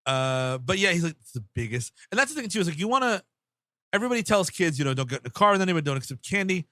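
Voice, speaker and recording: A man's voice: sits high, big pitch swings, fast, pushed and bright, no echo. A man co-hosting a casual movie podcast, talking loosely with lots of laughs and swearing. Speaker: podcast co-host. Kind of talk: casual movie-review banter.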